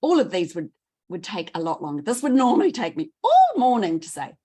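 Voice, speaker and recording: A middle-aged woman giving a training talk, enthusiastic and quick, repeating words for emphasis. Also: mid-range voice, wildly swooping pitch, mellow, husky. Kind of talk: presentation talk.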